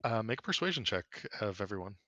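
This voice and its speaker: A man's voice: on the low side, very animated, quick pace, sharp tone, dry recording, highs cut off. Man running a tabletop game. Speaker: game master.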